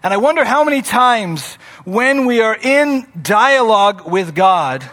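A man delivers a sermon in a notably high voice. He reads scripture aloud and dramatizes the speakers with rising, emphatic energy, then drops back to a conversational teaching tone. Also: expressive, measured pace, fairly bright tone. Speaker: pastor.

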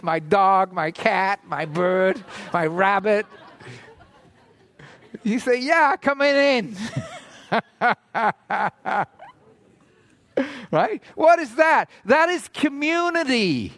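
Pastor, male, high-pitched voice, slow deliberate delivery, dry close sound, conversational sermon peppered with "right?". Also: expressive, fairly bright tone. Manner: conversational preaching, frequent "right?" asides, rhetorical questions. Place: church hall in Toronto.

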